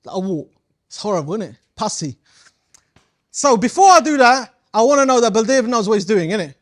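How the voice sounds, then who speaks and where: A man's voice: sits high, big pitch swings, a little fast, a bit bright. A man leading a live coaching workshop, playful and slangy, quizzing his audience as he goes. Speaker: community coaching trainer.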